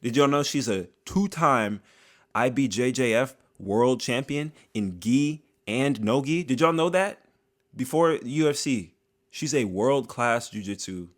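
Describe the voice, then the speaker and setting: Guy riffing on fighters for his vlog, jokey and slangy, mid pitch. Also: lively intonation. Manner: joking, slangy, drawn-out asides. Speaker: MMA video creator. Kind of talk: casual commentary monologue.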